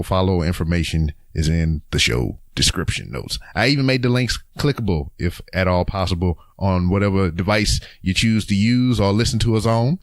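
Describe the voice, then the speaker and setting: A young man from Louisiana with a low voice, rambling through his podcast sign-off in a loose, chatty way. His voice is dry and close to the mic, with no room echo. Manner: rambling and chatty, with frequent ums and chuckles. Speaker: podcast host. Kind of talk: casual solo podcast outro.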